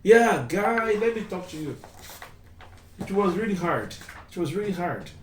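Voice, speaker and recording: A man with a Brazilian Portuguese accent runs a relaxed English conversation class. He talks in a somewhat high voice, repeating phrases and acting out the lines of others as examples. He sounds distant from the mic in an echoey room with faint background noise. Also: a little slow. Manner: chatty, repeats phrases, acts out quoted lines.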